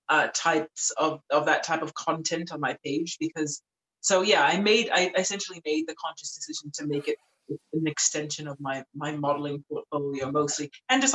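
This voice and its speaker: A woman from Tonga, a podcast guest, telling stories in a lively, chatty way full of "like" and "um". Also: deep voice, reverberant, rough recording. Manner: lively, chatty, many fillers like "like" and "um". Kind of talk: casual storytelling in a podcast interview.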